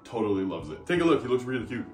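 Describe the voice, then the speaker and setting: A man chats casually to camera in a lower register, upbeat and talkative, checking in with a quick "right?". His voice rings in an echoey room, with faint guitar music playing underneath. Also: sing-song. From Canada. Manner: upbeat, chatty, says "right?" often. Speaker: reptile channel host.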